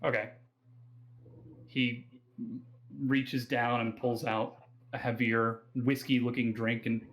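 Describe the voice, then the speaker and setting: An Australian man runs a tabletop fantasy game, describing scenes at a middling pitch. He halts often with fillers and restarts as he narrates. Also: low-quality recording. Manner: hesitant, many fillers and restarts. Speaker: game master.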